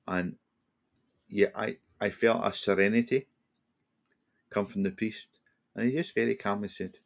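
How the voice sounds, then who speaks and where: A man's voice: on the low side, moderate pace, creaky, long pauses. A Scottish man in his sixties, a retired police officer, telling a reflective story as a podcast guest, often restarting and slipping into quoted dialogue. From Scotland. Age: 60s.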